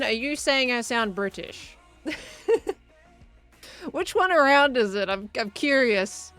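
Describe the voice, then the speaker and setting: A woman plays a building game on a live stream, chatting casually, voicing chat messages, and musing as she builds. She talks slowly with frequent pauses, her slightly high, fairly bright voice full of lively intonation. Soft music plays in the background.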